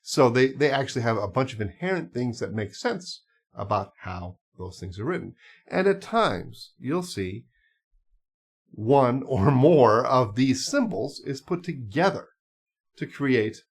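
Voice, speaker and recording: Guy teaching clarinet, laid back, lots of uh's and little asides, middle pitch. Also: unhurried. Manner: relaxed, explains with asides and fillers. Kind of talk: casual instructional talk.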